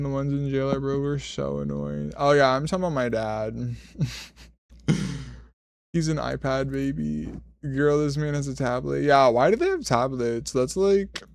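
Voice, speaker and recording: A young man streaming, chatting loosely with his chat while high and half asleep, sassy and swearing as he rambles. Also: gravelly, smooth, no room sound, studio quality. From Mexican heritage. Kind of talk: casual stream chat reading comments.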